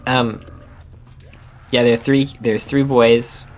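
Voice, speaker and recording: A man's voice: medium pitch, little pitch movement, takes it slowly. A man in casual chat, retelling a story in an easygoing, plain way.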